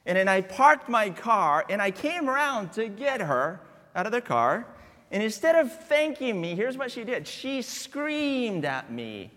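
A man preaching a sermon as a guest pastor in a church, telling a family story with drawn-out, deliberate repetitions. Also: high-pitched, very animated, fairly bright tone, long reverb tail. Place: church sanctuary.

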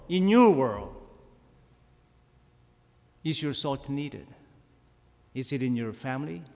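A man preaching a sermon, slow and emphatic, asking his listeners rhetorical questions. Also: a little high. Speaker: pastor. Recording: long reverb of a church hall.

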